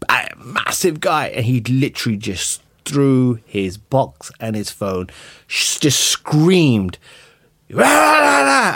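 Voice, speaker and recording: A man chatting on a podcast, telling lively stories, swearing freely and acting out what people said. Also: mid-range voice, no room sound, clean studio sound. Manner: animated storyteller, swears freely, acts out quotes. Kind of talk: casual chat.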